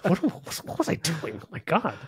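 A man's voice: fairly high pitch, wildly swooping pitch, normal speed, breathy edge, no room sound. Rambling, self-deprecating podcast co-host man. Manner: rambling, self-deprecating, stumbles over words. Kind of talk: casual chat. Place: home, recording quietly at night.

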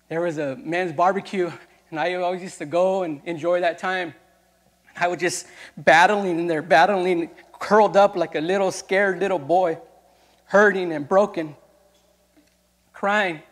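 A male youth pastor giving a personal testimony in a sermon, moving from quiet storytelling to loud, impassioned preaching that calls out to the congregation. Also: high voice, big-room sound.

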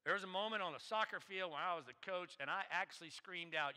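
A pastor's voice sits high, bright and forceful as he preaches quickly. He tells stories in a conversational manner, repeats phrases and asks rhetorical questions, his sermon echoing with long reverb in a church sanctuary.

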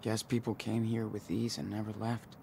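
An actor voicing a relaxed, slangy teenage older brother in a story video game. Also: male voice, on the low side, normal speed, creaky, slight background noise. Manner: easygoing, slangy.

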